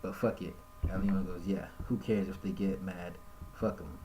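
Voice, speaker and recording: A man with a low, dark, mellow voice gives casual live-stream commentary, reading messages aloud and raising his pitch for the quoted lines. A faint hum sits under the recording from his home setup. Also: level tone, normal speed, poor audio. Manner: conversational, reads quotes aloud in a higher voice.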